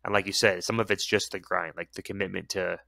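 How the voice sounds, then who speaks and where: A man with a low voice talks loosely in a relaxed podcast chat, wandering off his point and circling back. He is recorded close and dry. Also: fast talker, gravelly, no echo. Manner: rambling, loses his train of thought. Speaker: podcast co-host. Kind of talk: casual chat.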